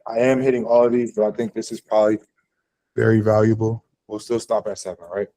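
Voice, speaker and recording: A man's voice: lowish voice, flat delivery, fairly quick, dark tone, poor audio. Casual male physics teacher quizzing class. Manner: conversational, lots of fillers, asks the class questions. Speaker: physics instructor. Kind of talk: classroom lecture. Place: classroom, also streamed online.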